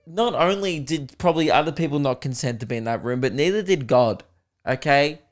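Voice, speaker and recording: A man's voice: fairly high pitch, animated, fairly quick. A young Australian man hosting a podcast, ranting crudely and sarcastically between laughs. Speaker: podcast host and comedian. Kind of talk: casual comedic rant.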